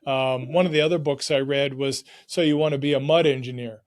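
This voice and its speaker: A middle-aged man, a podcast guest, telling stories from his working life in a casual, excited and energetic way. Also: mid-range voice, brisk. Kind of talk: casual storytelling.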